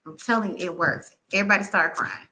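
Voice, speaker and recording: Woman, tarot reader, animated, slangy, bright tone. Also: on the low side, quick pace, slight background noise. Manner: animated, laughing, slangy and candid. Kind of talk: live tarot reading and storytelling.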